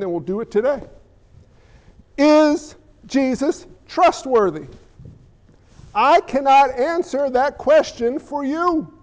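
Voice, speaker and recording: A middle-aged male pastor preaching a sermon, animated and humorous, acting out quotes. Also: very high voice, low-quality recording.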